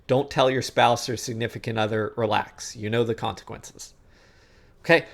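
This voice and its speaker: A man's voice: medium pitch, steady tone, normal speed, creaky, fairly bright tone. A man coaching athletes in an instructional talk, explaining ideas conversationally and checking in with the listener often. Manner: conversational, checks in with frequent "okay?" and "guess what?"; acts out inner thoughts in quoted asides. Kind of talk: instructional talk on sports psychology.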